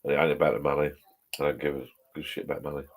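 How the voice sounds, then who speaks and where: A man's voice: rumbling low, flat delivery, racing. A middle-aged man, chatting casually and rambling with live viewers, swearing freely. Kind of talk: casual live-stream chat. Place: home garden bar shed.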